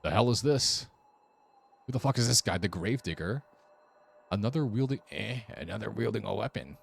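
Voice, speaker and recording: A man with a deep voice talks through a game in a casual, wry way, muttering sarcastic asides. His pitch swings about as he reacts. Faint game music plays behind him. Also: lively intonation, brisk, creaky. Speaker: streamer. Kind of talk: casual gameplay commentary.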